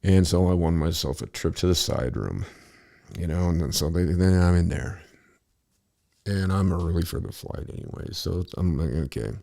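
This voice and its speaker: A man's voice: deep voice, normal speed, gravelly, mellow. A man telling a long, rambling story in casual talk, profane and easily sidetracked.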